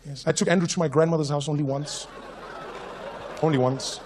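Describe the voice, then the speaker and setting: A young man doing stand-up, telling animated stories. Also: a little high, fairly quick, background noise. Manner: animated storytelling, switches into voices. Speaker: stand-up comedian. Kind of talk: stand-up comedy.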